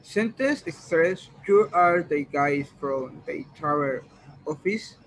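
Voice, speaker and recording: A male student whose first language is Spanish reading English sentences aloud haltingly in class. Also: a little high, expressive, fairly bright tone, rough recording.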